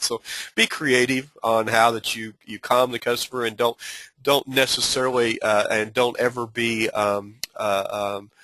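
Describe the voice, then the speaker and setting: A man giving an instructional talk on handling difficult customers, earnest and advising, with frequent halting restarts and fillers. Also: medium pitch, gravelly, pushed and bright, no room sound, low-quality recording. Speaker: customer service trainer.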